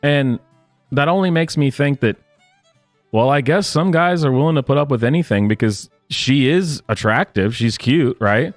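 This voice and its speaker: A sarcastic man riffs through mocking reaction commentary, with a mid-pitched voice. The sound is close and dry. Soft guitar music plays quietly underneath. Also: moderate pace, no echo. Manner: sarcastic, laughs at the clip. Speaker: commentary channel host.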